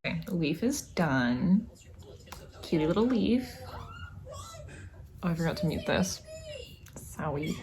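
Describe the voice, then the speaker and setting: A woman's voice: lowish voice, big pitch swings, slow pace, long pauses, a little mellow, faint music behind. A young woman casually chatting at home while she crochets, rambling and muttering to herself with sighs as she works. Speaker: crochet vlogger.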